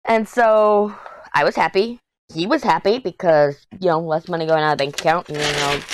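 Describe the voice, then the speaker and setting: A woman's voice: on the low side, a little hiss or hum. Chatty woman telling stories. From Texas. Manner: chatty, rambling storytelling with asides. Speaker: craft vlogger. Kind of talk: casual chat while diamond painting.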